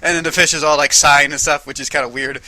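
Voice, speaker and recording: Brief: crude rambling man doing a profane movie recap, bright tone, no room sound. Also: fairly high pitch, steady tone, quick pace, dry recording, rough recording. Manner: rambling, crude, full of "like" fillers. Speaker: comedic film summarizer.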